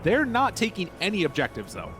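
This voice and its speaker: Laid-back North American esports co-caster. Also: male voice, sits high, huge pitch swings, brisk, fairly bright tone, soft background music. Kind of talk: live esports commentary.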